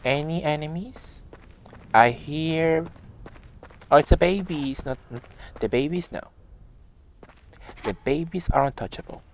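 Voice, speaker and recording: Male streamer, unhurried delivery, chatty with viewers, faint hiss behind. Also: fairly high pitch. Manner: chatty, reads chat messages aloud and answers viewers. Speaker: game streamer. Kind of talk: casual live-stream chat while playing.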